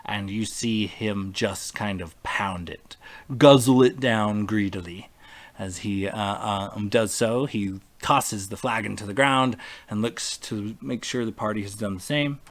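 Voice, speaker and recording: A man's voice: on the low side, a little slow. A man narrating as game master over online voice chat, describing scenes in a loose, rambling way full of fillers.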